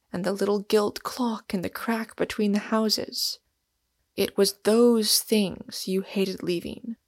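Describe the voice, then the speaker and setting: An impassioned, earnest massive young man, as a woman narrator reads him, pressing his case with urgent conviction. His lines come slowly and deliberately, with a gravelly edge to the voice, in a close, dry audiobook reading. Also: mid-range voice, no echo. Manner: urgent, pleading, rhapsodic.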